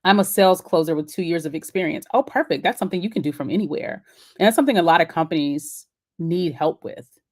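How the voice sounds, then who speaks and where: Low-voiced woman hosting a live Q&A. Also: fast. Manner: chatty, encouraging, answers comments on the fly. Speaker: host of a live Q&A. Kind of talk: casual live-stream Q&A.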